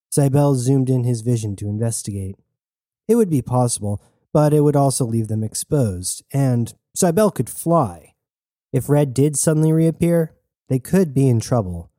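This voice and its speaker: A man narrates an action story in steady, even tones. His voice is very dark and mellow, with a middle pitch. The recording is dry and close. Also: normal speed, dry recording. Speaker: audiobook narrator. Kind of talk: scripted narration.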